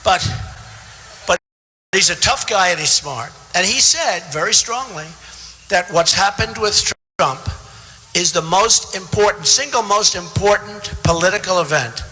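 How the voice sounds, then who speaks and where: A man's voice: high-pitched, lively intonation, a little slow, bright, forceful tone. An older man in his seventies giving a boastful, rambling campaign speech to a crowd in a large theater. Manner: boastful, repetitive, conversational asides to the crowd. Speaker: political candidate at a rally. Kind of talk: rally speech. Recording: long hall reverb from a theater PA.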